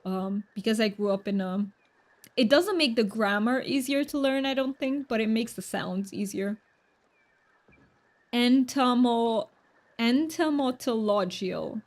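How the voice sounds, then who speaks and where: A woman's voice: a little high, moderate pace. A woman whose first languages are Romanian and Hungarian, chatting casually on a game stream and answering chat aloud.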